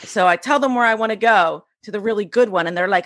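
A middle-aged woman from the US East Coast, a podcast guest telling a personal story in a sassy, high-strung, energetic way, acting out quoted lines with big pitch jumps. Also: a little fast, hardly any pauses, no echo, studio quality.

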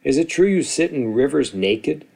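A nosy young boy in a storybook reading, blurting out blunt questions, as a man reads him. The voice is only lightly lifted and keeps a gravelly rasp. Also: mid-range voice, lively intonation, normal speed, darkish tone, pitched above the performer's own voice. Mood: curious. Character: curious young boy with mouth full of chips.

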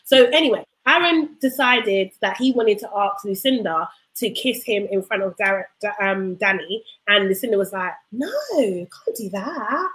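A woman's voice: mid-range voice, moderate pace, hardly any pauses, fairly bright tone, poor audio. A woman co-hosting a casual chat show, telling stories with a laugh. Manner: chatty, laughing storyteller. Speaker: podcast co-host.

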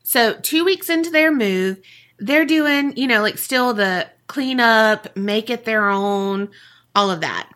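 A woman's voice: on the high side, slow, a bit bright. A woman co-hosting a podcast, telling a story in casual, profane chat full of "like" and "you know", often giggling. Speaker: podcast co-host.

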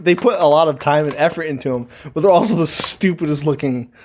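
A man's voice: a little high, fast, darkish tone. A man in his thirties co-hosting a podcast, rambling casually with chuckles and swearing. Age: 30s. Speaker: podcast co-host. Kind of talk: casual chat.

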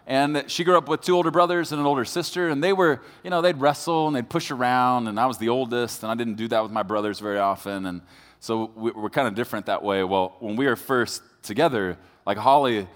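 A man preaching a sermon as pastor, telling a story with jokes and building to serious points. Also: mid-range voice. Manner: storytelling, animated and joking. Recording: long hall reverb.

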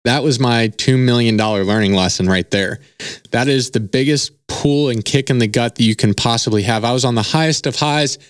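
A man tells his own story on a solo podcast, loose and candid, dropping the odd swear word. His voice is smooth and resonant, set at an ordinary middle pitch. The sound is close and dry, with no room around it. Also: no echo. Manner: casual and candid, swears freely, often tags sentences with "right?". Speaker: podcast host.

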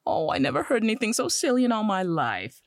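An actress playing a teasing, dismissive wife in an old-time radio drama. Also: female voice, on the high side, sing-song, quick pace, gravelly, no echo, studio quality. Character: chiding wife, teasing and brisk.

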